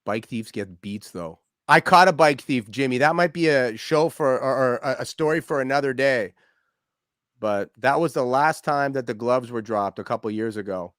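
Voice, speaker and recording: Man, co-host, casual betting talk, animated, dry close sound. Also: medium pitch, normal speed, no echo. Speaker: co-host of a betting watch party. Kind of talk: casual chat.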